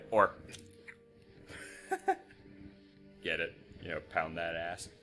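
A man's voice: low voice, expressive, very slow, a bit bright, faint music behind. A man co-hosting a let's play, teasing his partner in dry, crude banter. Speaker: co-host.

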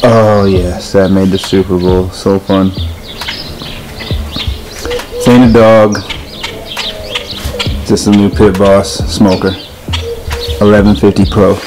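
A man's voice: lowish voice, poor audio. A man who runs a dog kennel, chatting casually for a vlog in his yard, rambling and correcting himself as he goes. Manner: rambling, self-correcting, talks baby talk to his dogs. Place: outdoors in a yard.

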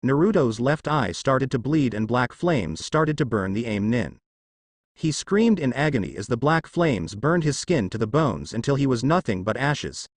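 A man narrating a fanfiction story in a steady storytelling manner. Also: medium pitch, moderate pace, no room sound. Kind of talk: fanfiction reading.

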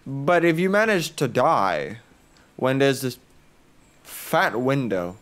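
A man's voice: medium pitch, lively intonation, slow pace, a bit bright. A young man doing casual let's-play commentary, joking and rambling and swearing freely. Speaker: gaming YouTuber.

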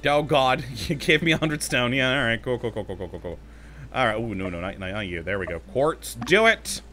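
Casting note: male let's-play host, bright, forceful voice, chatty and frustrated with the game, faint music underneath. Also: medium pitch, sing-song, moderate pace. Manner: talks to himself, easily exasperated, laughs often. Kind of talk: casual gameplay commentary.

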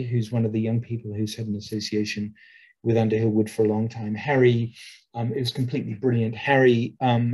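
A man who owns a nature reserve gives a webinar talk over a video call. He speaks in a relaxed, rambling way, with many ums and restarts. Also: medium pitch, breathy edge, low-quality recording.

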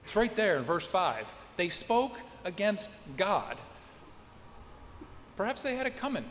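A man's voice: high-pitched, unhurried, slight background noise. Man preaching in a reverberant church. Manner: expressive preaching with acted-out quotes. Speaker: pastor. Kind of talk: sermon. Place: church sanctuary.

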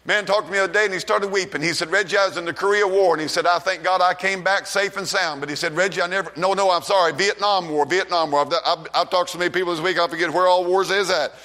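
A man preaching a revival sermon, fervently calling out and then dropping to a hushed tone. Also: steady tone, fast, hardly any pauses. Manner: fervent, shouts rises then drops low and hushed.

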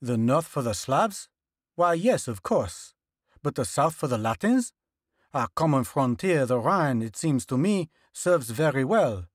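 A man voicing a formal male ambassador who speaks in a polite, deliberate way. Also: medium pitch, sing-song, no room sound, clean studio sound.

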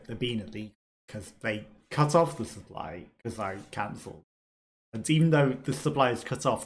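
A man's voice: on the low side, a little hiss or hum. A man casually commenting while playing a video game, chatty and wry, laughing often as he reads items aloud. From United Kingdom. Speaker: let's play streamer.

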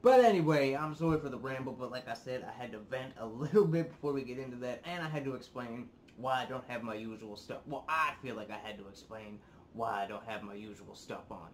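A man's voice: mid-range voice, fairly quick, slight background noise. A young man hosting his reaction vlog, casually ranting at his viewers, swearing a lot and sounding worked up. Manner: swears often, animated and worked up. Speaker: reaction video host.

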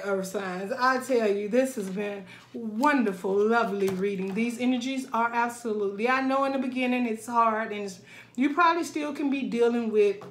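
Laughing, animated woman tarot reader. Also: fairly high pitch, roomy sound. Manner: animated, laughs often, acts out quoted voices. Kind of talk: casual tarot reading.

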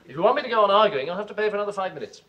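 Curt contradicter, fast, bright, lively. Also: male voice, sits high, far from the mic, muffled recording. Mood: smug. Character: smug male arguer for hire, curt. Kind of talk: 1970s TV sketch comedy.

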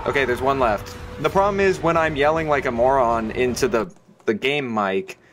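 A man hosting a let's play, chatting casually while he plays. He jokes around and stops to explain how the game works in long, rambling stretches. His voice sits at an ordinary pitch for a man. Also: moderate pace, over music. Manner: joking, explains game rules at length. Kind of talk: casual gaming commentary.

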